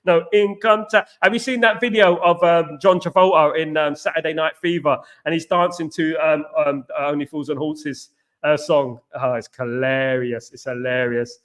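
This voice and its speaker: A man's voice: fairly high pitch, fairly even intonation, moderate pace, fairly bright tone. A man hosting a casual live stream, reading out viewer comments and answering them in a jokey, rambling way, leaning on the same catchphrases again and again. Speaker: host.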